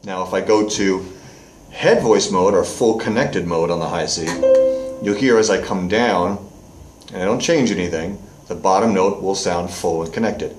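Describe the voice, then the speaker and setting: A man's voice: low voice, normal speed, reverberant, over loud music. A male vocal coach explaining singing technique step by step, with short sung demonstrations.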